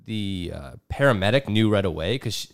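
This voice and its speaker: A young man co-hosting a podcast tells his own story in a candid, relaxed way, using filler words. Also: lowish voice, a little fast. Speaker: podcast co-host. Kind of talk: casual podcast conversation.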